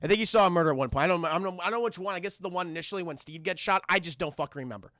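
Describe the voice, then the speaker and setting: A man's voice: high-pitched, rapid-fire, pushed and bright, no echo, studio quality. A man recapping a film live for his stream chat, rambling and swearing freely as he goes. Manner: rambling, profane, addresses chat.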